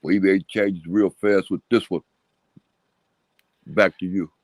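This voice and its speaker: A man talking casually about college football on a video call, animated and slangy, repeating himself for emphasis. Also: low-pitched, measured pace, no echo. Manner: animated, repeats "I'm telling you", street slang. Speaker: show panelist. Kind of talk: casual sports chat.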